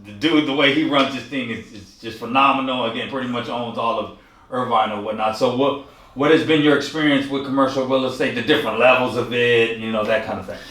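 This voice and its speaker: A man's voice: medium pitch, fairly even intonation, fairly quick, a bit bright, roomy sound, distant mic. A man hosting an interview, asking long rambling questions and summing up his guest's points. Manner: rambling, wraps up with summaries. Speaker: interview host.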